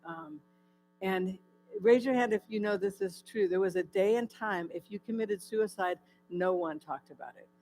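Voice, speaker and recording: A woman's voice: medium pitch, normal speed, a little mellow, slight background noise, rough recording. A woman from California giving a personal testimony to a church audience, telling her story with many fillers and asking the audience questions. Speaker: guest speaker. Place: church hall.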